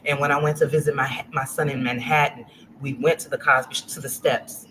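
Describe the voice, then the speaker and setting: A middle-aged woman from Louisiana talks as a guest in a casual interview, telling her business story with lots of animation. She acts out what people said to her and laughs often, and clear background noise runs under her voice. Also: rumbling low, steady tone, brisk. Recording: noisy livestream audio.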